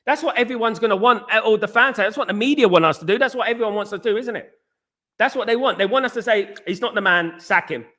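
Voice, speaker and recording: A man's voice: very high-pitched, bright, forceful tone. A young English man hosting a fan livestream, arguing heatedly with chat commenters and calling them mate. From England. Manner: heated, argues with chatters, calls them mate. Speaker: fan channel host reading live chat. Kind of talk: livestream fan talk show.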